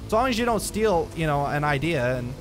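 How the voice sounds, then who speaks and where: With faint music behind him, a young man comments on a horror game he's playing for his YouTube channel in a brisk, sing-song, fairly high voice. He's jumpy, exclaims often, and breaks into nervous laughter.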